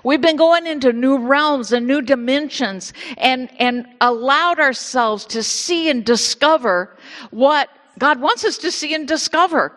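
High-voiced exuberant woman with Indiana accent. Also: lively intonation, a little slow, fairly bright tone, in a large hall. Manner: exuberant, repeats words, laughs often. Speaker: minister leading a church service. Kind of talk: prayer and sermon. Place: church sanctuary.

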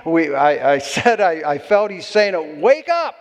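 High-voiced male pastor preaching. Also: unhurried, long reverb tail. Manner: exhorting, calls for amens. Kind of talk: sermon.

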